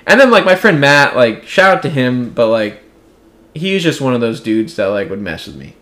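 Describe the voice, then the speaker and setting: A man's voice: mid-range voice, very animated, normal speed, a bit bright. A man in his twenties co-hosting a podcast, telling a story casually and rambling with lots of "like". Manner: rambling, fills speech with "like". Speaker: podcast co-host.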